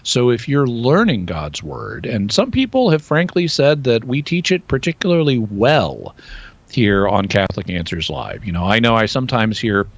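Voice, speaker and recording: A man answering a listener's question on live radio in a calm, steady, explanatory way. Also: medium pitch, normal speed, no echo, highs cut off. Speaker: radio show guest expert answering questions. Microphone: studio microphone.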